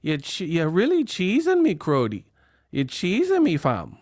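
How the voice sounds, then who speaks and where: A man voicing a grumbling young Toronto guy with a drawn-out, nasal teasing tone. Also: fairly high pitch, huge pitch swings, a little mellow, no echo, studio quality, full character voice.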